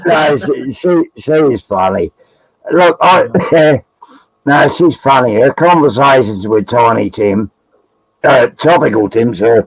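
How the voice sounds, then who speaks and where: A man's voice: medium pitch, animated, slow, no room sound, low-quality recording. A man with an Australian accent, chatting as a guest on a live stream, rambling and joking with frequent laughs. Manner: rambling, jokey, laughs often. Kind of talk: casual live stream banter.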